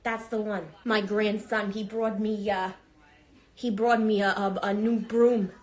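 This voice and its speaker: A woman's voice: mid-range voice, little pitch movement, measured pace, a little mellow, natural voice. A woman playing a brash, foul-mouthed older grandmother, rambling in an improvised phone livestream. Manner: rambling, brash, swearing, easily sidetracked. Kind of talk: improvised comedy character livestream.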